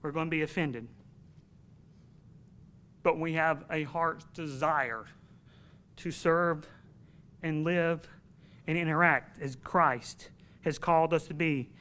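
A man's voice: fairly high pitch, steady tone, takes it slowly, long pauses, bright, forceful tone. A man preaching a sermon to his congregation in an earnest, emphatic way, telling a personal story.

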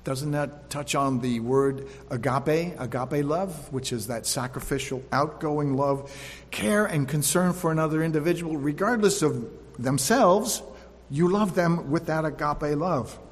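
A man's voice: a little high, measured pace. A man preaching a sermon, reading verses aloud and then explaining them in plain conversational asides. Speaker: pastor. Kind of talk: sermon, scripture reading with commentary. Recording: echoey hall with long reverb.

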